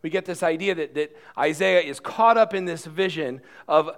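A man preaching a sermon who swings between quiet asides and loud emphatic passages, repeating words as he builds. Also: fairly high pitch, moderate pace, hardly any pauses. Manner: repeats and restarts words when worked up. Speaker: pastor.

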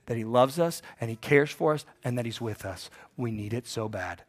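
A man in his forties, hoarse from a bout of bronchitis, preaches to his congregation. He mixes playful asides with loud, emphatic peaks. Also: mid-range voice, expressive, normal speed, few pauses. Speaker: pastor. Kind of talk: sermon.

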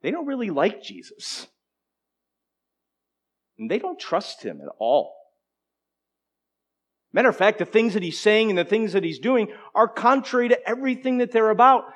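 A man preaching a sermon, moving between emphatic declarations and hushed, conversational asides to the congregation. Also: high-pitched, big pitch swings, moderate pace, pauses often. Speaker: pastor.

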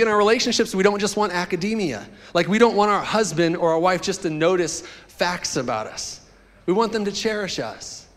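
A man preaching a sermon as pastor, animated and joking as he talks directly to the congregation. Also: fairly high pitch, long reverb tail.

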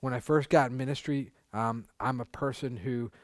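A man's voice: medium pitch, steady tone, moderate pace, no room sound, studio quality. A man preaching a sermon as a pastor, candid and conversational, repeating words for emphasis.

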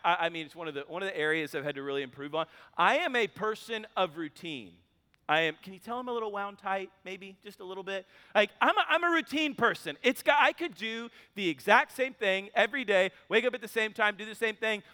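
A male pastor preaching a sermon, telling candid, self-mocking stories with quick asides. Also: high-pitched, bright, forceful tone, clear, resonant tone. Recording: long hall reverb.

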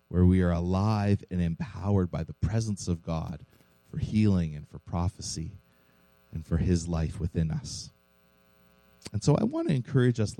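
A man's voice: low voice, warm tone, no room sound, low-quality recording. A man preaching a sermon as pastor of a church, earnest, with rhetorical questions to his congregation.

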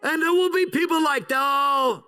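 A man in his fifties from the United States preaching a sermon as pastor, animated, sometimes shouting and sometimes slowing down hard for emphasis. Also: very high-pitched, faint music behind, low-quality recording.

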